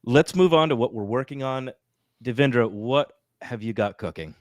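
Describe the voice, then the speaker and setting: A man's voice: medium pitch, normal speed, dry recording. Podcast co-host, male, casual and chatty, dry close sound. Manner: chatty, with fillers and asides.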